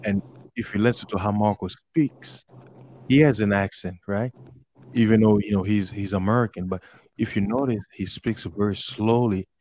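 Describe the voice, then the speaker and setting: A man giving advice in a casual group voice chat, speaking slowly and deliberately in a coaching tone. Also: fairly low pitch, steady tone, darkish tone, a little hiss or hum.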